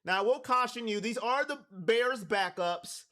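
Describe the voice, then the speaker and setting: A man's voice: very high-pitched, measured pace, pushed and bright. A man hosting a live watch party, calling plays and talking straight to his chat with hype-driven energy, his voice wearing thin. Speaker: livestream watch party host. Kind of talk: live play-by-play commentary with chat.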